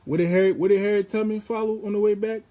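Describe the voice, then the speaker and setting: High-voiced man preaching casually. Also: fairly even intonation, mellow. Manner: preachy, profane, street-casual, emphatic; reads scripture aloud slowly and deliberately. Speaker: vlogger. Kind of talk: rambling spiritual monologue.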